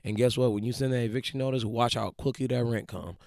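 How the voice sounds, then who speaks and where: A man in his twenties talks straight at the listener in a casual motivational monologue. He is slangy and animated, and his voice sits at a middle pitch. The sound is dry, with no room echo. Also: fast talker, gravelly. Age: 20s. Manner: animated, slangy, acts out quotes.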